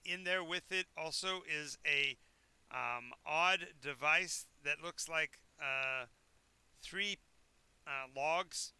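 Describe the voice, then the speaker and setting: Bright-voiced man running a tabletop game. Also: medium pitch, clean tone. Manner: rambling, self-correcting descriptions. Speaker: game master. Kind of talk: narrating a tabletop game live.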